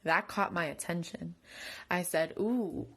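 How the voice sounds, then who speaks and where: Lower-voiced, sassy woman. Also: a little slow, a bit bright, husky. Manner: sassy, playful, addressing listeners. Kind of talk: casual storytime monologue.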